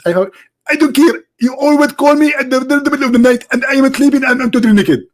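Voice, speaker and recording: A man's voice: very high voice, quick pace, pitched above the performer's own voice. A man doing a mocking impression of an indignant, self-righteous male preacher who scolds and huffs defensively. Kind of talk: mocking impression in a live-streamed debate.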